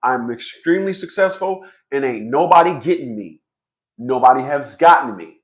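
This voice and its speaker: A man's voice: medium pitch, animated, moderate pace. A man in his fifties giving a blunt, profane vlog monologue, stammering through repeated restarts. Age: 50s. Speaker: fathers' rights commentator.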